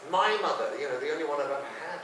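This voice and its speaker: In a drama studio with dark curtains, a man teaching a masterclass tells a vivid story conversationally, his fairly high voice expressive and racing. The hall echoes, the mic is far off, and there's background noise.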